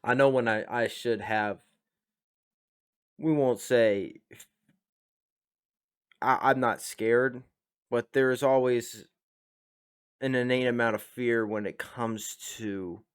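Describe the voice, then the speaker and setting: A man's voice: medium pitch, takes it slowly, long pauses, smooth. A man hosting a reaction video, talking bluntly and with lots of profanity in casual commentary.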